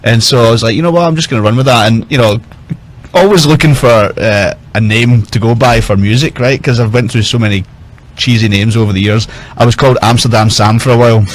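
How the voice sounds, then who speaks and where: A man's voice: mid-range voice, a little fast. A man, a whisky brand ambassador, telling chatty, self-mocking stories in casual talk. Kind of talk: casual storytelling.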